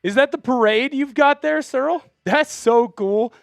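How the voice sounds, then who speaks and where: A man hosting a live sports show, chatting excitedly with many fillers and restarts. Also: very high voice, a little slow, gravelly, no room sound, clean studio sound. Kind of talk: excited casual live commentary.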